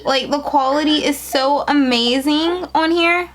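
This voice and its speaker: A young woman filming a casual unboxing vlog on her phone at home, gushing and excitable, jumping into high squeals. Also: a little slow. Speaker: beauty vlogger starting a business. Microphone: phone camera.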